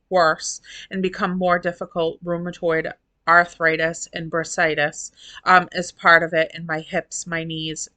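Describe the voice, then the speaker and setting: Brief: middle-aged woman vlogger, low-ish voice with a bright, forceful edge, gushing and rambling, dry close sound. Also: no echo. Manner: effusive and emotional, rambling. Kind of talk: casual chat to viewers.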